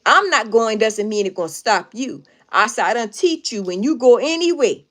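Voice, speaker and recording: A woman speaking at a normal pace in a somewhat high voice recounts a story to her live stream audience. She's casual yet animated, driving her points home through plenty of emphatic repetition.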